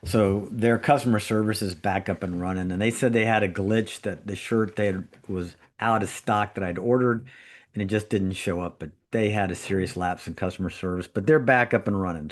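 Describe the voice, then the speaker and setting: A man's voice: deep voice, fairly even intonation, normal speed. Chatty storytelling man on a podcast. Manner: chatty storyteller who laughs through anecdotes and acts out quotes. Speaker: trauma surgeon and regular podcast guest.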